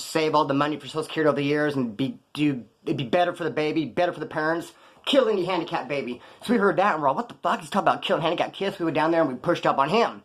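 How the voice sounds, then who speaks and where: A middle-aged man telling stories casually in street slang, animated, acting out the voices of people he quotes. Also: on the high side. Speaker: storyteller. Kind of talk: casual storytelling.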